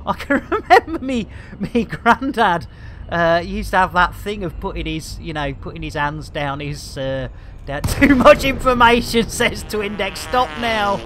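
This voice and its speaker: A man's voice: high voice, unhurried, a bit bright, slight background noise. Cheeky man streaming a game. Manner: jokey, rambling, cheeky innuendo, frequent laughter. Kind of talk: live gameplay commentary.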